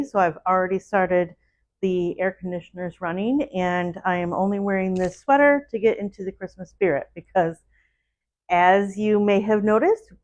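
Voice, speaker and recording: A woman's voice: mid-range voice, a little mellow. A woman talks casually through a solo live stream from her quilt shop, greeting viewers one by one. Her voice sits mid-range. The audio is dull and lo-fi. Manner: chatty, greets viewers by name. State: a little out of breath. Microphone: solo live stream setup.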